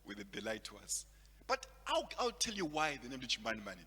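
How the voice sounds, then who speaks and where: A man from Zimbabwe doing stand-up comedy, animated, repeating words and laughing at his own jokes. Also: mid-range voice, fast talker, husky, in a large hall.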